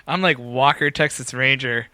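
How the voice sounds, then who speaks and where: A man's voice: medium pitch, fairly even intonation, moderate pace, pushed and bright, smooth, dry recording. A man co-hosting a casual podcast, telling rambling, profane stories and laughing often. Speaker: podcast co-host. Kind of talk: casual bar-talk podcast chat.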